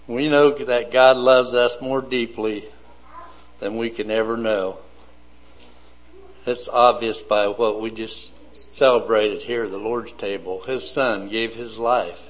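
A man preaching a sermon slowly and deliberately, building his points in lists. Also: mid-range voice, fairly even intonation, rough recording.

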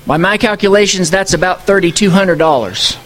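High-voiced man preaching conversationally. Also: a little fast, a bit bright. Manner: conversational preaching with rhetorical questions. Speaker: pastor. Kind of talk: sermon.

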